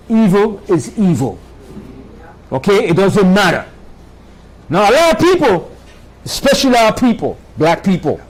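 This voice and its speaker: Male preacher, high voice that swoops widely, emphatic, keeps checking in with the congregation. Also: big pitch swings, moderate pace, low-quality recording. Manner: emphatic preaching with dramatic pitch swings; rhetorical questions to the congregation. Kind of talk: sermon.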